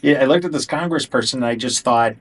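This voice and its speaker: A host in conversation with a guest, sitting some way off the microphone so the voice sounds distant. The pitch is moderate, and most replies are quick, agreeing words. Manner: brief agreeing interjections. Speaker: podcast host. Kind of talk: conversational interview.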